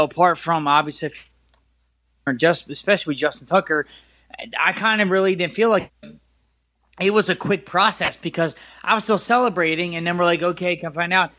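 A man on a sports talk show, telling a stadium story in an excitable, rambling way with many restarts. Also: on the high side.

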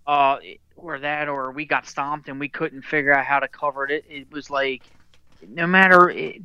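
A man's voice: on the high side, sharp tone, clear, resonant tone, no room sound. A man hosting a sports podcast, talking casually and rambling, with frequent restarts and a lot of "dude". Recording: dull lo-fi dry recording.

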